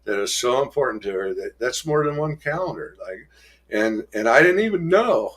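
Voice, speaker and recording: A middle-aged man telling a personal recovery story, halting and emotional, with many restarts and trailing pauses, raising his voice when he acts out quoted people. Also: medium pitch, very animated, fairly bright tone, slightly rough.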